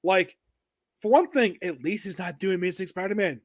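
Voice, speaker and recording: A man's voice: sits high, animated, moderate pace. A man co-hosting a casual comic book discussion, rambling and hesitant with many restarts. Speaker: podcast co-host.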